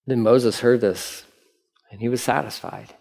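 A man teaching the Bible in a relaxed, conversational way, often saying "like" as he reads scripture aloud and retells it. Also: mid-range voice, a little slow, creaky.

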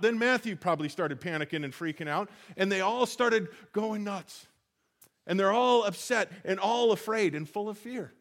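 A man delivering a sermon in a slightly raised voice. He retells scripture as a lively story, earnest and conversational, often restarting his phrases. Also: high voice. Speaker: pastor.

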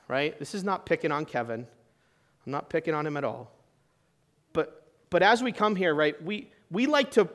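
A pastor preaching to his church in a conversational way, asking the room questions and swinging between loud emphasis and quiet, hushed lines. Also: on the high side. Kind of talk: sermon.

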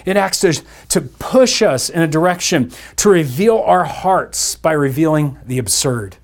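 A man's voice: a little high, lively intonation, unhurried. A man preaching a sermon as pastor, in a conversational style with playful asides to his listeners. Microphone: church podcast mic.

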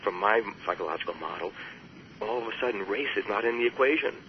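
A man who works as a therapist, speaking as an interview guest, explaining with emphasis and jumping higher when he quotes others. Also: lively intonation, fast, highs cut off, slight background noise. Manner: emphatic, rises sharply on quoted voices. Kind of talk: earnest explanatory interview talk.

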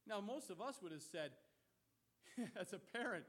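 A man preaching a sermon in an animated, emphatic way, mixing casual slang into his teaching. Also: high voice, normal speed.

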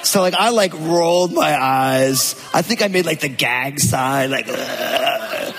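A man preaching as a pastor, telling a personal story with lively acted-out quotes. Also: on the high side, a little slow, soft background music. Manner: animated storytelling, acts out quotes. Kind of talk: sermon with personal anecdote. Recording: long hall reverb.

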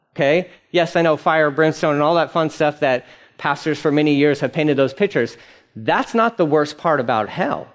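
A male pastor giving a conversational sermon, acting out quoted voices with big swings up and down. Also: on the high side.

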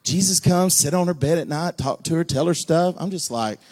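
A man preaching a sermon, folksy and joking, with sudden shouts and hushed asides. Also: a little high, moderate pace. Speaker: pastor.

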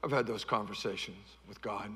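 A middle-aged male pastor preaching a sermon, swinging from loud, high-pitched repeated refrains down to soft, low tones. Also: a little fast, breathy edge, big-room sound.

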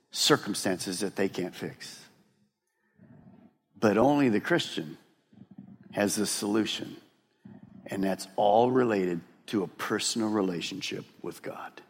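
A man preaching a sermon and talking straight to his congregation. He is animated and drops to a hush for emphasis. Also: lowish voice, breathy edge. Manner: addresses the congregation directly. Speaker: pastor. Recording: long reverb of a large hall.

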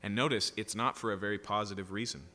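A man delivers a sermon, alternating between reading scripture and paraphrasing it in casual, everyday terms. His voice is bright and carries a long reverb, as if filling a large hall. He often checks in with his listeners with a quick "right?". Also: fairly low pitch, steady tone. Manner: reads scripture aloud and paraphrases it conversationally, with frequent "right?" asides. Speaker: preacher. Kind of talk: sermon, Bible teaching.

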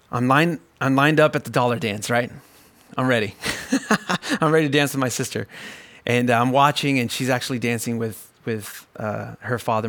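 A male pastor in his forties preaching a sermon, telling a personal story and moving between quiet, reflective passages and emphatic, rising exclamations. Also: medium pitch.

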